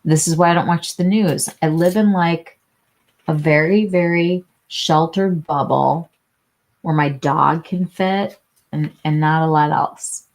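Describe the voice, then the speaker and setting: A woman in her forties hosts a casual beauty livestream, talking slowly through viewer questions. Her voice sits low with a gravelly fry, and she chats along with plenty of fillers and restarts. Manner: chatty, many fillers and restarts, answers viewers by name. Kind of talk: casual live chat reading viewer comments.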